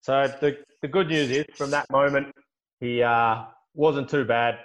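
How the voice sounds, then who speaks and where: A man's voice: mid-range voice, fairly even intonation, a little slow, low-quality recording. A man hosting a podcast interview, dropping short encouraging interjections. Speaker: podcast host.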